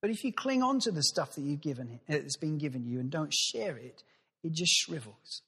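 A man's voice: fairly high pitch, moderate pace, breathy edge. Man preaching in an echoing church. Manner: animated storytelling, acts out voices. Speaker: pastor. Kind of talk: sermon.

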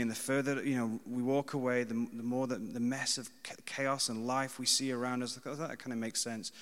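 A man in his thirties delivers a sermon in a bright, forceful voice. He talks conversationally, pokes fun at himself and repeats short lines for emphasis, while his words ring out with a long reverb in a church hall. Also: medium pitch, steady tone, brisk, few pauses. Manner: conversational, self-deprecating, emphatic repetition. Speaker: preacher.

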